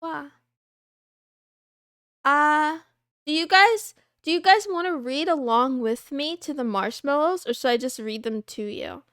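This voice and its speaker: A young woman hosting a casual livestream, chatting and answering viewer questions in a soft, rambling, self-deprecating way. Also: high-pitched, animated, normal speed, dry recording, studio quality.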